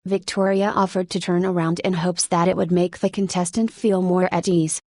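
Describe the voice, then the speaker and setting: A woman's voice: fairly low pitch, flat delivery, normal speed, a little mellow, no echo. Woman reading an audiobook, dry close mic. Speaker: audiobook narrator. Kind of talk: scripted nonfiction narration.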